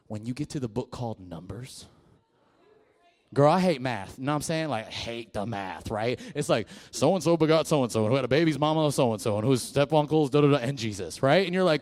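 Young male pastor, energetic sermon, jokey, jumps from shouts to whispers, mid-pitched. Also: brisk. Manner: animated, jokey, acts out listeners in put-on voices, swings from loud to hushed.

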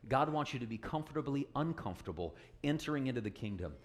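A man's voice: medium pitch, animated, fast. A man preaching a sermon, joking with the congregation and calling for responses. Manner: call-and-response, joking, emphatic.

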